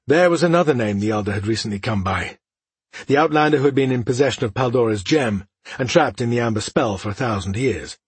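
Guy reading a fantasy audiobook, husky breathy voice, dry close sound, steady pace. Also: mid-range voice, a little fast, no echo. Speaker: audiobook narrator. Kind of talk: scripted fantasy narration.

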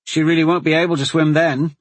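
A man voicing a hearty, teasing woman soldier in a fantasy audiobook, his voice raised and lively. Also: fairly high pitch, quick pace, no room sound, pitched above the performer's own voice, lightly acted. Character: gruff friendly woman soldier.

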